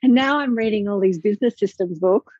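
A woman's voice: medium pitch, brisk, dark tone, no room sound. A woman, a business owner talking reflectively and with enthusiasm in a conversational interview, with many fillers. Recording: slightly dull lo-fi audio.

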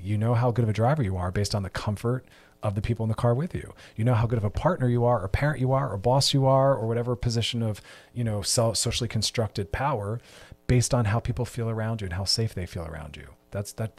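A man's voice: mid-range voice, darkish tone, slightly rough. A man hosting a mental health podcast, talking passionately and preachily, with emphatic repetition. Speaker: podcast host.

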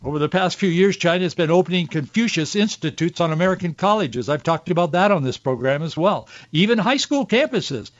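A man's voice: high voice, lively intonation, a little fast, hardly any pauses, no echo. A male radio talk host giving impassioned Christian commentary, earnest and preachy, with an emotional pull. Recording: dull, dry studio sound.

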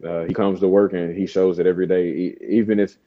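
A football player in a played interview clip, speaking haltingly with many restarts. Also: male voice, sits low, little pitch movement, dry recording. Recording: dull clip played on air.

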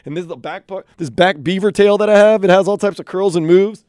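A man's voice: high-pitched, quick pace, darkish tone, no room sound. A man hosting a sports radio show in a studio, joking about himself between headlines. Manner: playful, self-mocking, jokey.

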